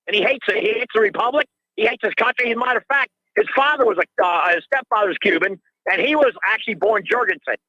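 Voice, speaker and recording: A man's voice: sits high, fast talker, few pauses, sharp tone, no room sound. An older man calling in to a radio show, ranting in an agitated way and repeating himself, heard through dull lo-fi call audio. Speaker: caller.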